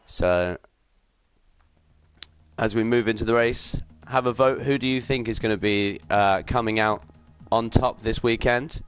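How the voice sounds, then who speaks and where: A man giving upbeat live commentary on a sim racing league stream, chatting with viewers and filling pauses with ums and uhs. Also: lowish voice, clear, resonant tone, dry recording, faint music behind. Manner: greets chat viewers while commentating.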